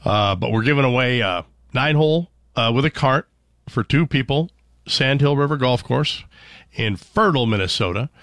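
A man's voice: mid-range voice, animated, normal speed, a bit bright, dry recording. A man hosting a morning radio show in a studio, chatting casually and rambling with lots of fillers and restarts.

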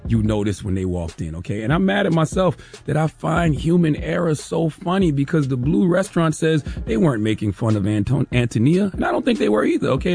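Animated, mocking male radio host. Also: creaky, breathy edge. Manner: animated, mocking, swings between low asides and high shouted impressions. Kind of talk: comedic commentary.

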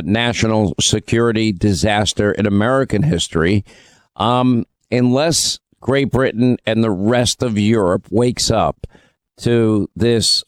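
A man's voice: fairly low pitch, clear, resonant tone, no echo. A man hosting a talk radio show, giving emphatic, opinionated commentary and taking calls.

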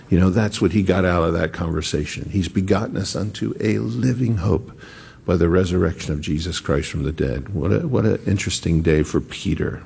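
Gravelly low-voiced preacher in an echoey hall. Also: male voice, lively intonation, darkish tone. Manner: conversational, digressive, slow and deliberate. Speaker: pastor. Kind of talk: sermon.

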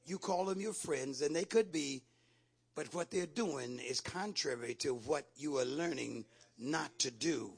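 A man preaching a sermon in call-and-response style, rising from a low, quiet delivery to loud shouting. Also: measured pace, gravelly, slightly rough.

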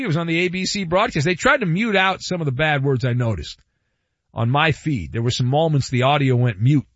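A man hosts a sports talk radio show, giving a playful, wry monologue packed with asides and repetition. His mid-range voice is husky with a fairly bright tone. It's picked up on a studio microphone with no echo, giving a dry, slightly dull radio studio sound.

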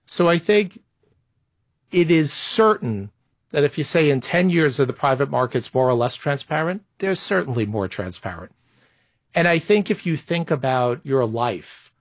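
A man's voice: mid-range voice, slightly rough, no echo, studio quality. A man in his fifties speaking as an interview guest, thoughtful and a little self-deprecating, sometimes restarting his phrases. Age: 50s. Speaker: guest executive. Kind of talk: conversational interview answers.

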